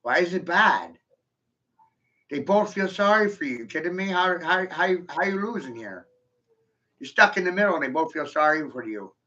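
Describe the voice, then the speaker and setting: A man's voice: a little high, expressive, normal speed, sharp tone, lo-fi sound. A man delivering a rambling, profane monologue in a provocative manner, laughing often between points. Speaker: vlogger.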